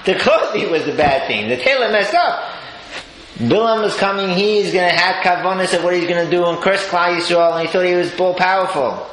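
A man giving a sermon-style Torah talk, telling stories lively swings between high exclaims and low murmurs. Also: fairly quick. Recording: echoey room with faint noise.

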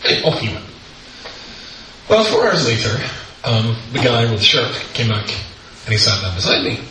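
A middle-aged British rabbi telling a humorous anecdote to an audience, acting out the people in it. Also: male voice, fairly low pitch, fairly quick, noisy background. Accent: British English. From Britain. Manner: animated storyteller, acts out the people in the story. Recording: very roomy echo, speaker far from the mic, faint ambience.

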